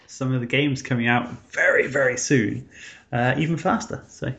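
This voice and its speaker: A man co-hosting a casual podcast over a call, chatting in a lively, jokey way and laughing between remarks. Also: mid-range voice, normal speed, creaky, muffled recording. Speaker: podcast co-host. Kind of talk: casual chat. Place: Stockholm, remote call.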